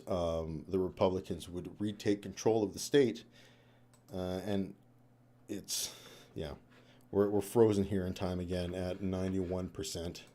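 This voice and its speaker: A man's voice: deep voice, mellow. A young man live streaming, chatting casually and rambling, swearing and laughing often. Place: home room.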